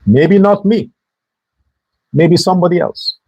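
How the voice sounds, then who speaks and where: A man delivers a political monologue as a show host, blunt, foul-mouthed and openly angry. His voice is pitched high for a man and has a husky grain. He hammers his points home by saying them again and again. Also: expressive, a little slow, warm tone, rough recording. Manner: angry, blunt and profane, hammering phrases by repetition.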